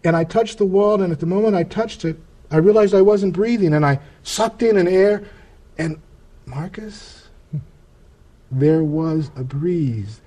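A man, an interview guest, telling a personal testimony in an earnest, halting way, often restarting his sentences. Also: high voice, warm tone.

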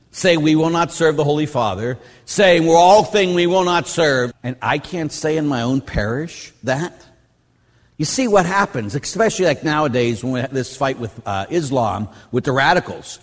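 A man who is a Catholic priest, giving an animated teaching talk on faith and telling stories with mimicked voices. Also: a little high, normal speed. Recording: long hall reverb.

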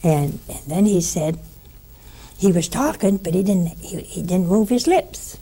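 A woman giving a conversational spiritual teaching, telling stories with lively asides to her listeners. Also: fairly low pitch, measured pace, breathy edge.

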